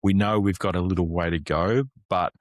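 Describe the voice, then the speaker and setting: A man's voice: sits low, steady tone, normal speed, dry recording, clean studio sound. A man who is a guest on a business chat, laying out his points analytically in long lists that build up.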